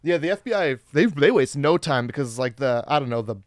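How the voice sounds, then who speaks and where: A man's voice: mid-range voice, lively intonation, fairly quick, no echo, studio quality. Sarcastic man, podcast banter. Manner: jokey, sarcastic, swears freely. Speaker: podcast co-host. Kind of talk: casual movie-review banter.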